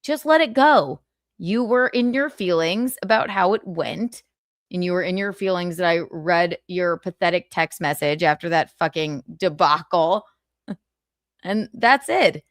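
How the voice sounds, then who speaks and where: A woman's voice: fairly low pitch, measured pace, dry recording, studio quality. A woman hosting a livestream, arguing heatedly with a guest in a sarcastic, mocking, combative way. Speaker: livestream host.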